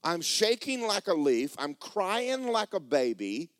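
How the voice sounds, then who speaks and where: Speaking slowly but very animated, a pastor with a voice that sits high shares a personal story with emotion in his sermon. He frequently repeats himself and addresses the congregation head-on, in clean studio sound with no echo.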